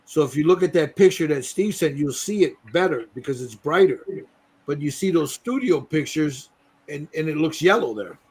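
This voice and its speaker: A man with a slightly high voice talks casually as he paints a model in a hobby workshop. He rambles between explanations and banter and swears freely. A faint hum of ambience sits behind him. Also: expressive, moderate pace, darkish tone. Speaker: host painting a model bust. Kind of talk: casual chat while painting.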